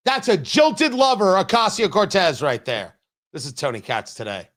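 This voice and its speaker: A man's voice: high-pitched, wildly swooping pitch, moderate pace, a bit bright. A man hosting a talk radio show, delivering an opinionated monologue with sarcastic, mocking asides from his studio.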